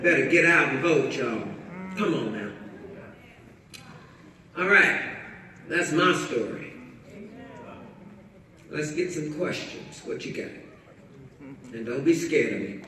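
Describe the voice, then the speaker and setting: A woman's voice: low-pitched, expressive, slow pace, long pauses, crowd noise. A woman author with a sassy, preachy manner, teasing and bantering with an audience at a book talk. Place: carpeted event room with an audience. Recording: echoey hall, voice picked up from far off.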